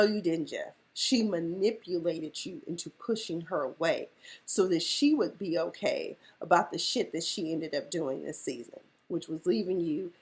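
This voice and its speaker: A woman's voice: sits low, gravelly. A woman giving casual, profane commentary on a reality TV episode, emphatic and outspoken.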